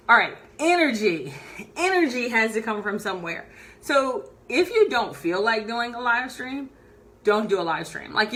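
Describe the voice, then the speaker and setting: A woman coaching on camera in a live video tutorial, upbeat and animated, walking around her indoor office as she talks. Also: mid-range voice.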